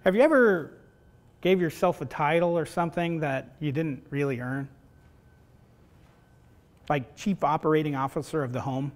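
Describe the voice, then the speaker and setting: A man's voice: on the high side, moderate pace, pauses often. A middle-aged man lecturing a class in a conversational way, often asking "right?" and acting out family stories. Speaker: university professor teaching facilitators.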